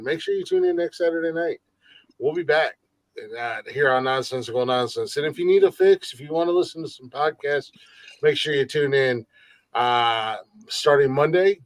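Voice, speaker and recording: A man's voice: medium pitch, no echo. Crude, teasing male podcast host. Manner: teasing, crude ribbing with laughs. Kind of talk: casual banter and show sign-off.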